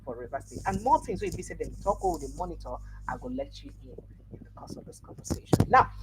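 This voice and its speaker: A Nigerian woman hosts a news livestream, reading headlines and chatting about them with a lively, swooping voice. Her pitch sits on the low side, and a clear hiss of noise runs under the recording. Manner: chatty, animated, reads headlines then comments. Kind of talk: news roundup commentary in Pidgin-mixed English. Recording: noisy livestream audio.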